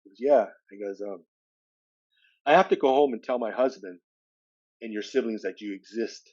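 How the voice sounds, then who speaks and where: A man's voice: lowish voice, moderate pace, lo-fi sound. A man, a podcast guest telling a personal story with acted-out dialogue. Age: 60s. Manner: lively retelling with acted-out dialogue.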